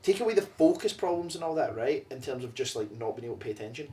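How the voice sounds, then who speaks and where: A young Scottish man hosting a podcast, talking in a rambling, animated way. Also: medium pitch, fast talker, far from the mic. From Scotland. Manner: animated, rambling, mimics voices. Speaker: podcast host. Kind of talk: casual podcast conversation.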